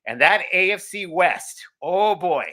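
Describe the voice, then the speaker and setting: Male guest, excitable, bright and forceful voice, slightly high. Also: measured pace. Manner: excitable, hyped. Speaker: actor and podcast guest. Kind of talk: casual sports podcast chat.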